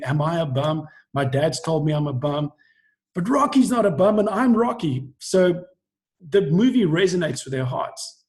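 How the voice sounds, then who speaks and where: A middle-aged man with a fairly high voice coaches a group over a video call. He explains in an earnest, teacherly way. He often slips into short acted-out lines to make his point. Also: darkish tone. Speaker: acting coach.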